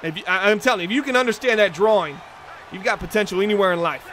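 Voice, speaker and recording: A man hosting a live stream, calling video game plays with excitable commentary that breaks into hollers on big moments. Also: high-pitched, racing, a little hiss or hum. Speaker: stream host and play-by-play commentator.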